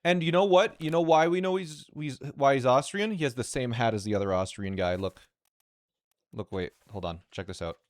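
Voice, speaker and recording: A man doing live gameplay commentary, reasoning out loud with eager bursts and repeated phrases. His voice sits at a middle pitch. The sound is dry and close. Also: moderate pace, no echo. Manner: thinks aloud excitedly, repeats himself. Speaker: streamer.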